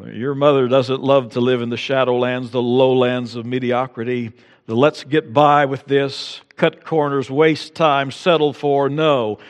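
A man's voice: medium pitch, level tone, a little slow, in a large hall. A male pastor preaching a sermon, building to emphatic peaks and acting out quotes.

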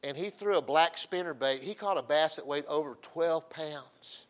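A middle-aged man preaching a folksy, humorous sermon, swinging from loud emphasis to quiet storytelling asides. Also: a little high, moderate pace. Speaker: pastor.

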